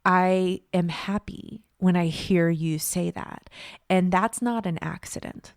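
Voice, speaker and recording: A woman's voice: on the low side, steady tone, slow pace, gravelly, dry recording, clean studio sound. A woman podcast host and coach, encouraging listeners and asking herself rhetorical questions. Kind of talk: podcast interview.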